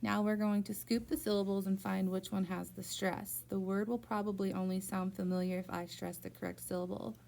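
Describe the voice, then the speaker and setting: Patient woman tutoring phonics, gravelly. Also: medium pitch, flat delivery, fairly quick, few pauses, darkish tone. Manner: patient, encouraging, step-by-step prompting. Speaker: reading teacher.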